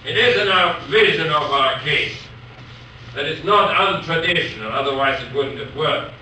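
A man giving a university lecture, reading poetry aloud slowly and otherwise talking haltingly with many pauses. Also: a little high, bright, forceful tone. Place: lecture hall. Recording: echoey hall from far off, faint noise.

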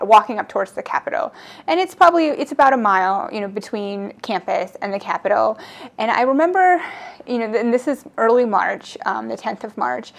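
A young woman, recounting events in an oral history interview, reflective and measured, with frequent ums and restarts. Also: medium pitch.

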